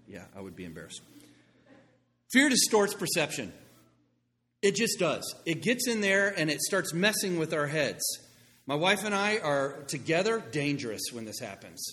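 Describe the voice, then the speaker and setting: Man preaching, middle-aged, storytelling sermon, slightly high voice, long church reverb. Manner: animated storytelling, conversational asides. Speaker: pastor. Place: church sanctuary. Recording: long reverb in a large room.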